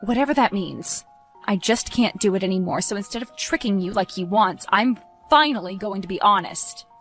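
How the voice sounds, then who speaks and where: A woman voicing a stressed teenage high school boy who talks tensely and pleads, then snaps into anger. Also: expressive, normal speed, a bit bright, soft background music. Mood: earnest.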